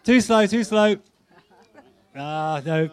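A man hosting a live tech meetup game, excitable and laughing, with quick countdowns. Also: high voice, clean tone. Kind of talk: lively game-show style hosting.

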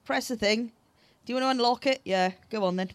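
A woman's voice: fairly high pitch, a little fast. A woman giving a casual phone review, blunt and self-mocking, with laughter.

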